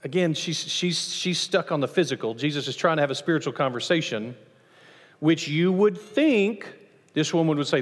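A man preaching a sermon as pastor of a church, lively, acting out voices from the passage as he teaches. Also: moderate pace. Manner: animated, acts out quoted voices with rising pitch. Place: church sanctuary. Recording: long church reverb.

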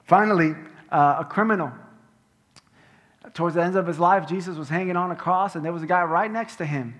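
A man preaching a sermon as pastor, emphatic and conversational, going soft and slow when quoting, on a head-worn mic in a church. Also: sits high. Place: church sanctuary. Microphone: head-worn microphone. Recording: long hall reverb.

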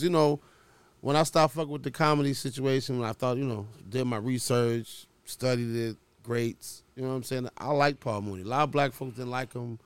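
Brief: mid-pitched male co-host, dry close sound, loose slangy talk. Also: no echo. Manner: casual, swearing, lots of "you know". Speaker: podcast co-host. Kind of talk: casual chat.

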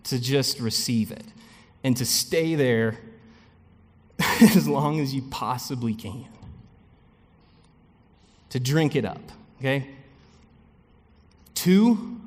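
A pastor gives a relaxed, chatty sermon with asides to the congregation. His voice sits at a middle pitch for a man. The sound carries a long reverb from a church hall. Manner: conversational, animated preaching with frequent asides and light laughs.

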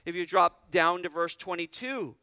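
A middle-aged man preaching a sermon as pastor, emphatic, with loud stressed phrases and repeated starting words. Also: high voice, moderate pace, clear, resonant tone, dry recording.

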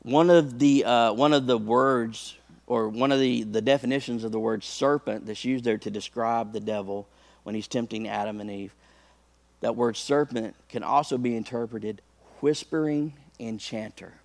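A man's voice: mid-range voice, fairly even intonation, normal speed, creaky. Man preaching a passionate sermon. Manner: passionate, builds to impassioned peaks; conversational asides to the congregation.

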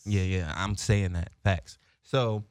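A man's voice: low voice, fairly even intonation, slow pace, darkish tone, dry recording. A young man, a podcast co-host, telling a story in casual chat, swearing and acting out the voices of people he quotes.

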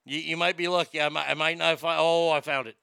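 A man hosting a live show, riffing on the news in a loud, profane, mocking rant full of stammers and jokes. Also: on the high side, steady tone, fast, gravelly, a little hiss or hum. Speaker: live show host reading chat.

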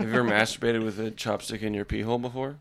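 A man co-hosting a podcast, trading crude deadpan gross-out jokes in casual banter. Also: fairly low pitch, quick pace, a crowd in the background. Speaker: podcast co-host.

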